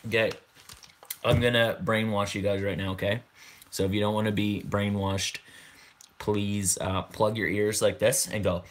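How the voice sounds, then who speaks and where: A man's voice: lowish voice, little pitch movement, measured pace. A man in his twenties hosting a casual livestream, who rambles, repeats words and laughs often. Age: 20s. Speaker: channel host.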